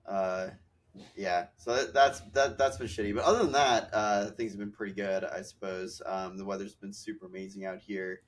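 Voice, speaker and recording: A man's voice: on the low side, fairly even intonation, moderate pace. A young man who is a podcast host, chatting casually and rambling with many fillers, a bit stuffy from allergies. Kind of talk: casual chat.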